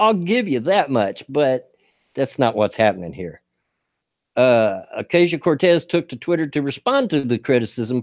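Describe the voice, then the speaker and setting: A middle-aged man with a thick Kentucky drawl talks politics in a folksy, rambling way, doubling up on words as he goes. His pitch swings around a lot, and the sound is close and dry with no room in it. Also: dry recording. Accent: Kentucky Southern. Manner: folksy, repeats words and laughs often. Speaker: show host. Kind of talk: casual political commentary chat.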